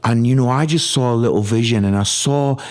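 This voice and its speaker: A man's voice: mid-range voice, fairly quick, darkish tone. A middle-aged man from Scotland, an evangelist guest telling his story earnestly and with feeling, often repeating words as he is moved. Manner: earnest, emotional, repeats words when stirred. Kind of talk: storytelling in a podcast interview.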